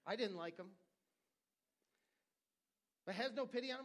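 A man's voice: extremely high pitch, moderate pace, fairly bright tone. A middle-aged male pastor preaching a sermon in an earnest, conversational way, often restarting his phrases.

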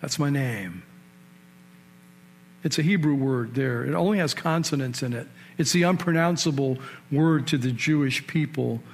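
A man preaching a sermon in a conversational storytelling way, asking his listeners questions and rising sharply in pitch and volume to stress key points. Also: moderate pace, few pauses. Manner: storytelling, with sudden rises in pitch and loudness for emphasis. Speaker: pastor.

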